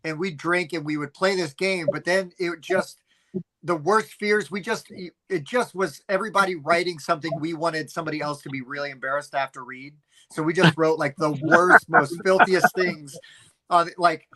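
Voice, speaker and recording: Bright, lively middle-aged man chatting. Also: a little high, normal speed, rough recording. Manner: rambling animated storytelling with many fillers. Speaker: podcast co-host. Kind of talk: casual chat.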